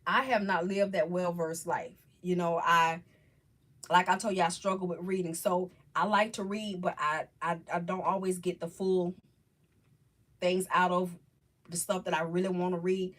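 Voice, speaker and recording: A woman hosting a casual live chat with viewers, talking about faith in a halting, rambling, heartfelt way. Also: fairly low pitch, level tone, fairly bright tone. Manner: halting, rambling, restarts often. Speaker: livestream host chatting with viewers.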